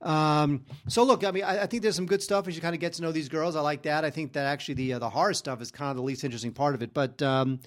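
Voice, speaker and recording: A man co-hosting a casual film review podcast, speaking hesitantly with many pauses and fillers. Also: fairly high pitch. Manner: hesitant, many ums and uhs. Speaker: film critic co-host.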